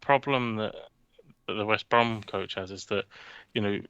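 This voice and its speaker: A man co-hosts a football podcast in a casual, rambling way, mocking and swearing freely. His voice is bright and forceful, slightly low. The sound is dry and close but dull and lo-fi. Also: a little slow, smooth, no room sound. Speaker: podcast co-host.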